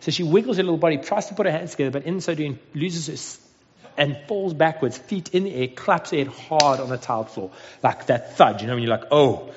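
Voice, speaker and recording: A man in his thirties preaching a sermon, telling a family story with animated acted-out voices. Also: on the high side, fast talker, a little hiss or hum. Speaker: pastor. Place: Cape Town. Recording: dull sound with long hall reverb.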